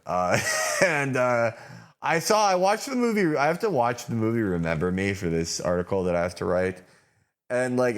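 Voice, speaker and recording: A man guesting on a podcast, rambling and swearing in loose, filler-heavy banter. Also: medium pitch. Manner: rambling, profane, lots of fillers.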